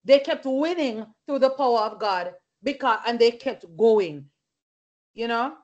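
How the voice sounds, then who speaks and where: A woman's voice: a little high, animated, measured pace. A woman leading a Bible study as a fervent sermon, breaking into hallelujahs and praise between her points. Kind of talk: sermon with personal testimony. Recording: lo-fi recording.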